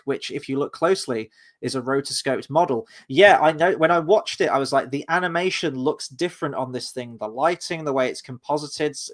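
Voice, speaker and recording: A man, co-hosting a casual film-review podcast and talking about movies with relaxed enthusiasm. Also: mid-range voice. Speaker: podcast co-host.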